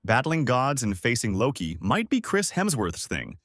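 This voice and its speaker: A man reading scripted voice-over narration that links clips, with a smooth, even delivery. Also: medium pitch, normal speed, dry recording, clean studio sound.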